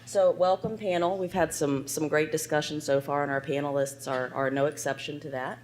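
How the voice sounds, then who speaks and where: A hoarse woman moderating a panel at a medical conference. She reads out a clinical case in an even, clinical way. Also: sits low, a little fast, hardly any pauses, a little hiss or hum. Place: conference hall.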